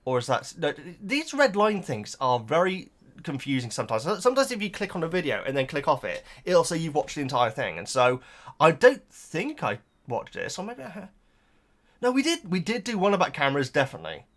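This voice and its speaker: A man's voice: fairly high pitch, sing-song, brisk, fairly bright tone. A man hosting a reaction video, chatting in a rambling, hesitant way, emotional and close to tears. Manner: rambling, hesitant, full of fillers and repeated words. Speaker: YouTube reaction host. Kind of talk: casual reaction chat to camera.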